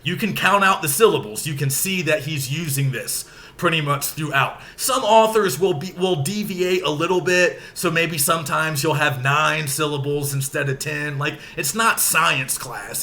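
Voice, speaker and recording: A man lectures in a bright, fairly high voice. He explains slowly and patiently, repeating key points and checking that his students follow. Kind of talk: recorded lecture.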